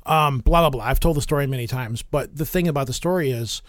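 A man hosting a casual interview, telling stories in an animated way and laughing often. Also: mid-range voice, quick pace, no echo, studio quality. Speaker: podcast host.

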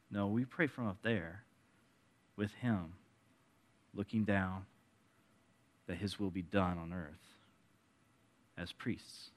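A man preaching a sermon as pastor, dropping to hushed asides and rising into emphatic appeals, with joking asides to the congregation. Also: low-pitched, steady tone, takes it slowly, pauses often.

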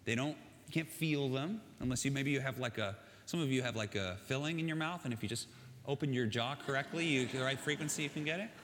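A man's voice: mid-range voice, quick pace, fairly bright tone, big-room sound, a little hiss or hum. A male pastor preaching a sermon in a casual, conversational way, telling stories with joking asides.

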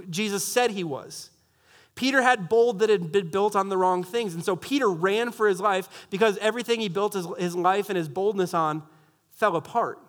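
A high-pitched man preaches a sermon in a loose, playful way. He cracks jokes at his own expense, trips over his words and circles back, keeping things casual and lively for the congregation. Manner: jokey, animated, often restarts and laughs at his own asides. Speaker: pastor.

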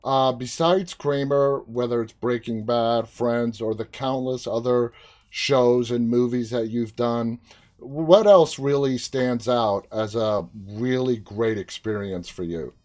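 A man's voice: medium pitch, takes it slowly, a little mellow. A man interviewing a guest, asking questions and giving brief affirmations.

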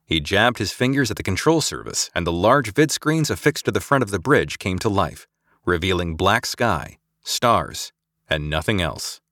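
A man narrating a sci-fi audiobook in an expressive storytelling manner, recorded close on a studio mic. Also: low-pitched, normal speed, dry recording. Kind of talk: scripted narration.

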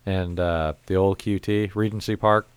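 A young man, low and smooth, tells a story on his podcast. He swears freely and acts out the other people in the tale. The sound is close and dry, with no room in it. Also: normal speed, no echo. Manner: profane, animated storytelling with acted quotes. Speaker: podcast host. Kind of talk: casual chat, storytelling.

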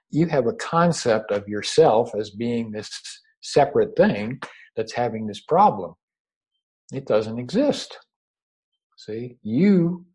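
A man giving a spiritual teaching over a video call, unhurried and gently reassuring, often repeating his words. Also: fairly low pitch, slightly rough, poor audio. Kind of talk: meditative spiritual talk. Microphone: own microphone over a video call.

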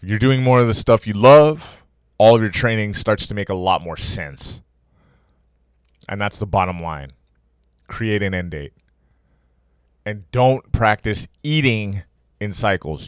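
A man with a fairly low voice hosts a podcast, handing out fitness tips in a loose, energetic way. He talks directly to his listeners like a coach. The sound is dry and close, with no room around it. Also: clear, resonant tone, dry recording. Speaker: podcast host. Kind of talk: casual fitness advice monologue.

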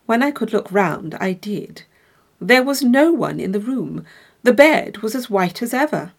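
A woman narrating a short ghost story in a measured, even reading voice. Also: mid-range voice, gravelly. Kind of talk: read-aloud story narration.

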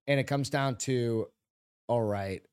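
A man's voice: medium pitch, takes it slowly, darkish tone, clean tone, no room sound, studio quality. A man co-hosting a podcast, blunt and profane, cracking crude jokes in casual chat. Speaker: podcast co-host.

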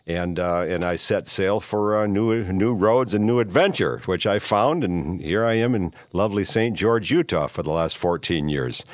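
A man's voice: low-pitched, lively intonation, normal speed, few pauses, no room sound. An older man hosting a podcast, delivering a rambling, opinionated monologue full of "uh" fillers and emphatic rhetorical questions. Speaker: podcast host.

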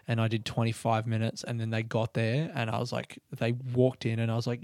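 A man talks low and quiet at home late at night, hosting a solo podcast in a loose, rambling way. His voice has a gravelly, fried edge, recorded dry and close with no room sound. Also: fairly even intonation, measured pace, no echo. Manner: talking softly and quietly, rambling. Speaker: comedian podcast host. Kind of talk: casual solo podcast chat. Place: own house, late at night.

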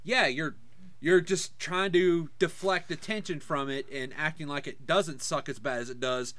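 A man's voice: a little high, normal speed, fairly bright tone, no echo. A man co-hosting a podcast, chatting casually and ranting in a crass, profane way. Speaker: podcast co-host. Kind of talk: casual banter.

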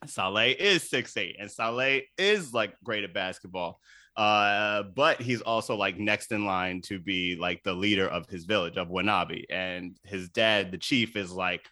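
A man's voice: on the low side, a little slow, bright, forceful tone, no room sound, studio quality. A man hosting a podcast, recapping a movie in loose, profane casual chat, laughing often and acting out the characters' lines. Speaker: podcast host.

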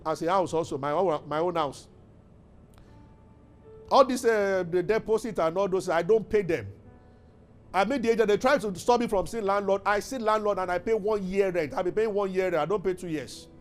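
A man preaching a fervent sermon as pastor, building to emphatic declarations. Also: high voice.

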